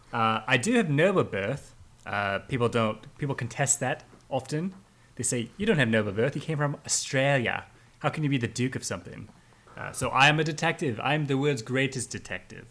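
A man's voice: mid-range voice, fairly bright tone. A man voicing a boastful, self-styled noble Victorian detective with a pompous manner. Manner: pompous, blustering.

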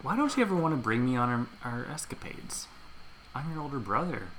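A man's voice: mid-range voice, big pitch swings, a little fast, fairly bright tone, a little hiss or hum. A man playing an eager, clumsy superhero older brother, rambling and hesitant with plenty of fillers in an improvised comedy audio play.

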